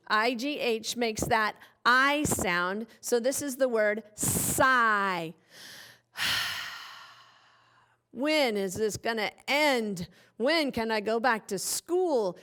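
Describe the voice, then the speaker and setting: A woman teacher giving a playful phonics lesson for young children, stretching out words and talking in an exaggerated, animated way. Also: mid-range voice.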